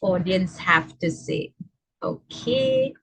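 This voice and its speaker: A woman's voice: on the low side, huge pitch swings, slow pace, gravelly, fairly bright tone, husky, dry recording, rough recording. A woman hosting an online event over a video call, encouraging and reading out audience comments. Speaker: event host.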